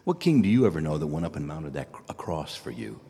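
A low-voiced man preaching in a church, his voice carrying a long hall reverb. He pleads earnestly, swings widely in pitch, rises to bright exclamations and then sinks almost to a whisper. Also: sing-song, fast. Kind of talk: sermon.

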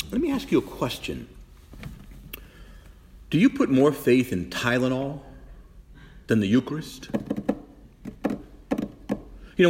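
Catholic priest guy preaching to his church, lots of questions, voice swoops all over, long echo. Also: mid-range voice. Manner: animated preaching, swinging from loud exclamations to hushed whispers; asks the congregation many rhetorical questions. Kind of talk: sermon.

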